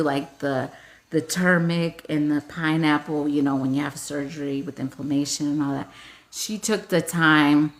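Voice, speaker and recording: Woman healer, low voice, tearful and laughing, casual and profane live host. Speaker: spiritual healer hosting a live session. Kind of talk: casual live-stream chat.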